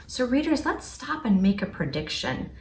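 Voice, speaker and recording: Animated kindergarten teacher, woman. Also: a little high, normal speed, distant mic. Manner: animated, encouraging, talks to children. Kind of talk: read-aloud reading lesson. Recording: roomy echo with faint hum.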